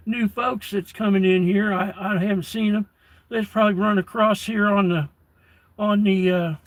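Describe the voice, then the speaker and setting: A man's voice: high voice, fairly bright tone, no room sound, low-quality recording. Folksy older man ranting on a livestream. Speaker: live streamer. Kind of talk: casual livestream chat. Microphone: tablet.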